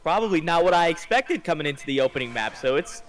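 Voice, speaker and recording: A man's voice: a little high, very animated, quick pace, a little hiss or hum. A man co-commentating a sim race in an easygoing, agreeable way.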